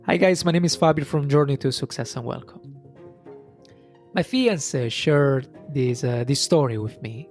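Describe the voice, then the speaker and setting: Slow, gravelly man hosting a podcast. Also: fairly high pitch. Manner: reflective, frequent fillers and restarts. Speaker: podcast host. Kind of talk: solo podcast monologue.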